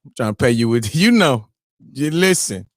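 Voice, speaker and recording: A man hosting a morning show, telling stories in an animated, laughing way with loose slang. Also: mid-range voice, moderate pace, slight background noise. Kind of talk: casual chat and storytelling.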